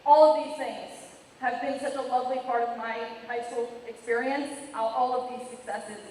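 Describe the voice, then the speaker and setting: Teen girl class president saying her thank yous, emotional, laughing it off, far away in a big booming hall. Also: steady tone, normal speed, a little mellow, slight background noise. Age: teens. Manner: emotional, laughing through tears, apologetic. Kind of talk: graduation speech. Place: large hall.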